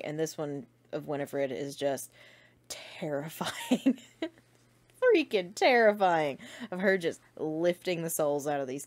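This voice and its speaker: A young woman hosting a casual fan vlog, chatting and reading out memes with frequent giggles. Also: fairly low pitch. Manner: giggly, chatty, laughs often. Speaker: fan channel host.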